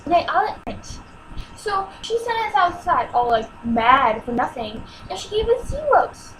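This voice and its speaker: Speaking in a very high, sing-song voice with a fairly bright tone, a teenage girl unhurriedly shares a personal story in a home vlog. The audio is poor, with a little hiss or hum. She sounds emotional and exasperated, acting out what people told her.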